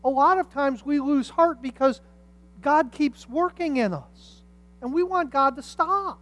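High-pitched pastor, lively sermon delivery with humorous asides, drops to quiet reflection then rises to loud emphasis. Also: a little slow. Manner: animated storytelling with humorous asides.

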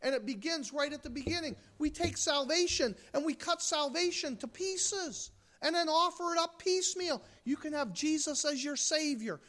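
A woman's voice: high-pitched, normal speed, few pauses, fairly bright tone. A woman from the United States preaching a sermon, emphatic, with rhetorical questions and mocking asides.

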